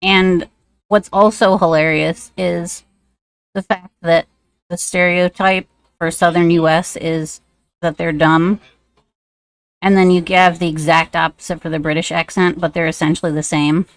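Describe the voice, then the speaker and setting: A woman's voice: fairly low pitch, flat delivery, measured pace, dry recording. A woman streamer chatting casually and rambling, with many fillers, while she draws live. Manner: sing-song baby talk to a pet.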